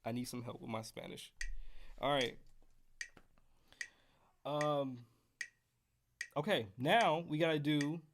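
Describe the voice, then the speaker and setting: A man's voice: fairly high pitch, slow, long pauses, a little hiss or hum. An American man teaching trumpet scales on a live stream, casual and joking with the chat. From United States. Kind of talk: live-streamed music lesson.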